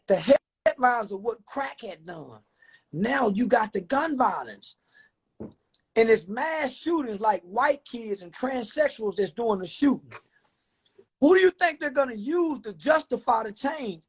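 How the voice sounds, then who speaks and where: A man with a husky, breathy voice rants on a casual livestream. He talks loud and profane, preaching hard one moment and clowning the next, and shouts at times. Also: very high-pitched. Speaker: livestream host.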